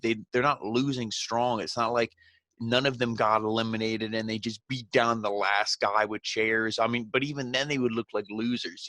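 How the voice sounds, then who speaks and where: A man's voice: fairly low pitch, fairly bright tone, no room sound. A man giving a casual, rambling recap of a wrestling show, full of fillers and blunt opinions. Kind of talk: casual solo review recap.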